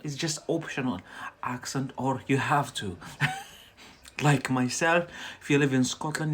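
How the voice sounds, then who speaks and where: A man from Algeria, not a native English speaker, giving a chatty live-stream English lesson and answering viewers' questions with many fillers. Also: fairly high pitch. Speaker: English teacher.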